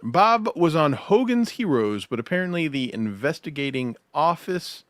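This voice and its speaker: A man's voice: on the high side, big pitch swings, normal speed, a bit bright, no echo. A man guest-hosting a casual livestream podcast, loose and swearing, with lots of uhs. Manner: loose, laughing, swears freely, many filler uhs.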